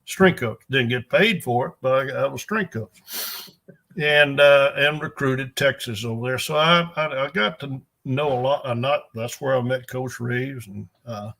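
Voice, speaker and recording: A man's voice: medium pitch, a little slow, vocal fry, pushed and bright. An older man, a veteran strength coach, telling rambling folksy anecdotes with chuckles in an interview. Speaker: guest, NFL strength and conditioning coach. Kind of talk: storytelling interview.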